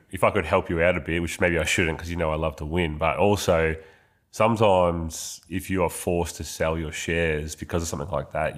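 A man's voice: deep voice, a bit bright. A man co-hosting a casual finance podcast, talking through a cold with a nasal voice, playful and competitive. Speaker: podcast co-host.

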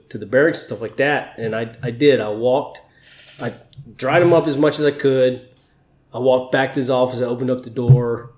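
A man's voice: medium pitch, a little mellow. A man sits with an interviewer and talks through his stories in a candid, emotional way, swearing as he goes. His voice sits in the middle range for a man. The room around him gives it a roomy echo. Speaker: interview guest, Navy chief. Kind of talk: conversational storytelling.

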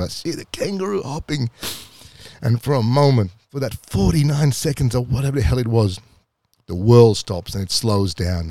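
A man with an Australian accent tells his own story in a low, mellow voice. He builds from easy recounting to swelling excitement and moments near tears. The sound is dry and close, with no room around it. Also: dry recording. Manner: emotional, passionate retelling that builds to excitement. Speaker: podcast host telling his own story. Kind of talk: personal storytelling.

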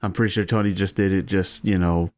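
A man co-hosting a casual wrestling podcast, relaxed and chuckling as he talks. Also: deep voice, fast, no echo, studio quality. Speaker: podcast co-host.

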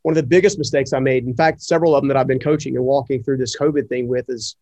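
A middle-aged man, an entrepreneur, telling a personal story in an interview, animated and full of fillers as he acts out the dialogue. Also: mid-range voice, fast talker, no room sound. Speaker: entrepreneur guest. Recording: dry, slightly muffled audio.

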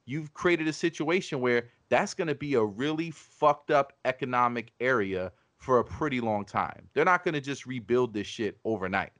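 A man's voice: medium pitch, normal speed, hardly any pauses, a bit bright, no room sound. A podcast host argues his case with blunt, emphatic, profane conviction. His voice sits in the middle range. The recording is dry and close. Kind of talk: casual podcast debate.

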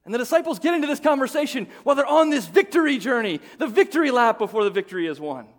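Middle-aged guy preaching, pretty high voice, chatty, repeats himself, gets fired up. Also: fast. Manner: conversational, repeats words, builds to excited bursts. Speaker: pastor. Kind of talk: sermon.

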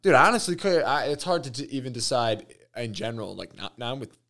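A man's voice: medium pitch, lively intonation, a little fast, bright, forceful tone. Young man in laid-back slangy chat. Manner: laid-back slangy talk, many fillers, laughs often. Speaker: podcast host. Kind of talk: casual chat.

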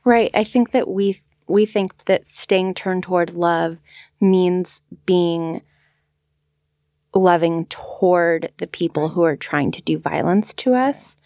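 Podcast host lady, thinking out loud, casual, dry close mic. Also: on the low side, slow pace, no echo. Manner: thoughtful, conversational, frequent "like" fillers. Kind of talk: casual reflective discussion.

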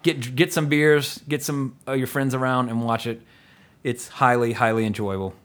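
A man's voice: medium pitch, fairly even intonation, moderate pace. Rambling, laughing man reviewing a film. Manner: rambling and enthusiastic, laughs often, many fillers. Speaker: podcast host. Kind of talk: casual movie podcast chat.

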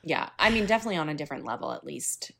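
A woman's voice: low voice, sing-song, racing, a bit bright. A young woman co-hosting a podcast, chiming in with agreement and quoting characters as she recaps a musical. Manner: agreeable, chimes in, quotes characters. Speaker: podcast co-host. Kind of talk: casual chat recapping a musical.

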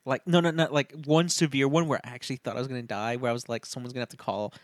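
A man's voice: mid-range voice, fast, dry recording, studio quality. A young man co-hosting a casual podcast, rambling through stories and laughing as he talks. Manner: rambling storyteller, laughs while talking. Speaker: podcast co-host. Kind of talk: casual chat.

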